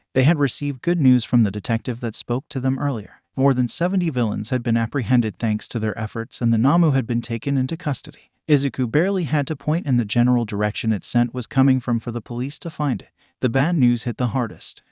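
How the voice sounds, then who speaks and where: Pria narator cerita penggemar, suara kering. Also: male voice, medium pitch, a little mellow, no room sound, studio quality. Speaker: narrator. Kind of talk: reading fan fiction aloud.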